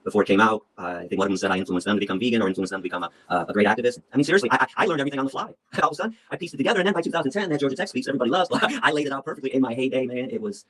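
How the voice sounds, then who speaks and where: A man in his fifties telling stories in an interview, animated and blunt, repeating words as he talks. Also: mid-range voice, poor audio. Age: 50s. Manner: animated, blunt, fast-talking with repetitions. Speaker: activist speaker.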